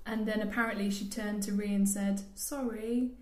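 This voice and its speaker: A woman's voice: medium pitch, completely flat delivery, brisk, a little mellow. A young woman in casual chat, telling anecdotes and laughing along. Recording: echoey room.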